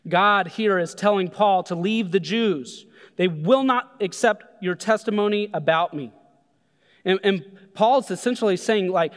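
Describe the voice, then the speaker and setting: A man preaching a sermon, animated, acting out voices when he quotes people. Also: sits high, measured pace. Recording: long hall reverb.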